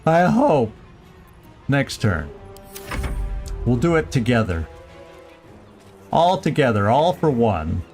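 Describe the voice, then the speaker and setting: Man, video game streamer, loose live commentary, animated delivery, faint music bed. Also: mid-range voice, slow, pauses often. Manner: playful, thinking aloud, goofy asides. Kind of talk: casual live gameplay commentary.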